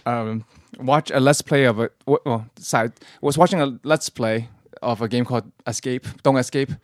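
A man's voice: mid-range voice, normal speed, no echo, studio quality. A man co-hosting a casual chat, thoughtful and hesitant, often repeating his words. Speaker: podcast co-host.

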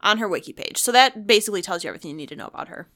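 A woman's voice: mid-range voice, lively intonation, rapid-fire, pushed and bright. A woman co-hosting a casual chat, blunt and opinionated, often laughing.

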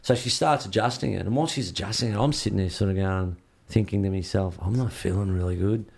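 A man's voice: sits low, quick pace, creaky. A man in an interview, casually telling a story and acting out what others said to him. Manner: lively, acts out what others said. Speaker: interview guest.

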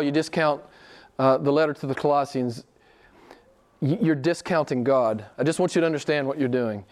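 Male pastor, fairly high voice, forceful sermon delivery with rhetorical questions, loud-to-hushed swings.

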